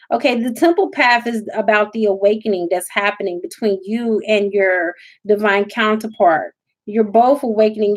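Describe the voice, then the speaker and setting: Emphatic woman giving a spiritual reading. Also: on the high side. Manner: emphatic, preachy, addresses viewers as y'all. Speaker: spiritual reader.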